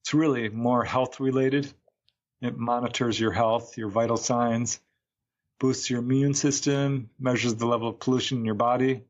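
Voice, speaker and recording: A man's voice: mid-range voice, steady tone, normal speed, highs cut off. A man, a UFO researcher, recounting a case as a guest in a podcast interview, a chatty storyteller who acts out quotes.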